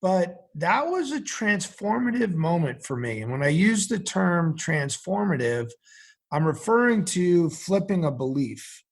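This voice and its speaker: A middle-aged man from central Massachusetts, USA, guests on a podcast interview and tells vivid, animated stories. His high voice is slightly rough and moves at a measured pace.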